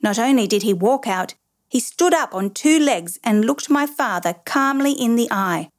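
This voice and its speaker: A woman's voice: fairly high pitch, lively intonation, normal speed. A woman reading a storybook. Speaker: narrator.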